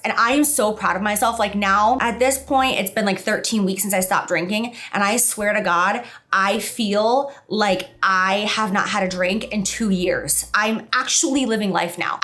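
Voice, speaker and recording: A woman vlogger talking in a casual confessional way, emotional and expressive, her voice leaping up in pitch. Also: normal speed. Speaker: beauty vlogger. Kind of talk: casual confessional vlog talk.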